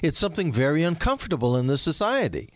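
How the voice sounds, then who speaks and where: A professor hosts a laid-back podcast, his voice swinging up and down with animated, wry energy. He laughs often and keeps the chat loose. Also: a little high, fast talker, no room sound.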